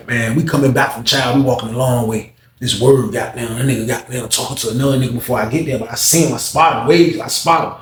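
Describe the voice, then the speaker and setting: A man telling a story to his audience in casual slang and curses, acting out other people's voices as he goes. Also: mid-range voice. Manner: animated, acts out others' voices, heavy slang and cursing. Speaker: storyteller recounting his prison days. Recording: roomy echo.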